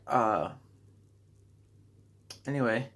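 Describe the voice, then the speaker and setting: A teenage American boy chats to the camera about his trip. His voice sits at an ordinary middle pitch. He rambles through the story, piles on fillers and laughs at his own mistakes. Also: lively intonation, drawn-out words, a bit bright. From United States. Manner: rambling, self-deprecating, heavy use of "like"; acts out his own reactions in a higher voice. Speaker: vlogger. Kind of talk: casual storytelling vlog.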